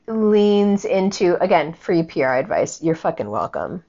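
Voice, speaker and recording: A woman's voice: mid-range voice, muffled recording. A woman giving a casual commentary rant, blunt, sarcastic and full of swearing.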